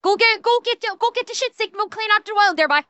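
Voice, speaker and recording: A woman's voice: high voice, expressive, fairly quick, pushed and bright, no echo. A woman voicing a brash, scolding Newfoundland woman with a thick accent and a mocking, sing-song delivery, as part of a streamer reaction rant. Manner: mocking, sing-song, heavy dialect slang.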